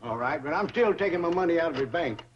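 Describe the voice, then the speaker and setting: An actor playing a folksy, plain-spoken old hillbilly with a rural Southern drawl, heard on an old sitcom soundtrack. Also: male voice, fairly high pitch, expressive, fast talker, lightly acted. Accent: American Southern rural. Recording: dull old TV soundtrack with loud hiss.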